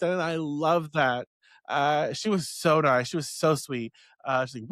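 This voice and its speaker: A man's voice: medium pitch, takes it slowly, a bit bright, no echo, studio quality. A man hosting a witchcraft live stream in a rambling, casual way, swearing freely and laughing often. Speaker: witchcraft podcast host.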